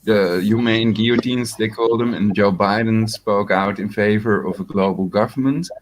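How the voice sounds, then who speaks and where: Low-voiced man in a group chat. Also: slight background noise, poor audio. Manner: reads chat messages aloud, deliberate. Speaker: chat participant.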